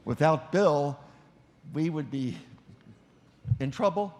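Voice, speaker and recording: An older man with a gravelly, textured voice speaks at a graduation ceremony and leads a recited oath. He talks emphatically and proudly, spacing his phrases so they can be repeated. His voice rings out with the long echo of a large hall. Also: mid-range voice, measured pace, a little mellow. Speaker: professor leading an oath.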